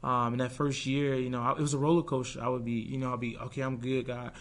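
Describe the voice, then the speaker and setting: Talking quickly in a level, medium-pitched and fairly bright voice, a young man guesting in a candid interview describes a difficult period in his pro football career. He's earnest and reflective, with many restarts and quoted inner thoughts from back then.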